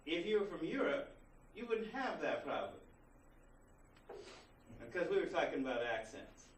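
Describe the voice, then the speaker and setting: A man's voice: fairly high pitch, moderate pace, slight background noise. Man lecturing in an echoey classroom. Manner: conversational, asks rhetorical questions, animated. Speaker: college instructor. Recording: roomy classroom recording from a distance.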